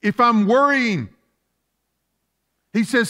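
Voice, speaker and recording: A man's voice: extremely high pitch, expressive, takes it slowly, pauses often, bright, forceful tone. A man preaching a sermon as pastor, asking fervent rhetorical questions.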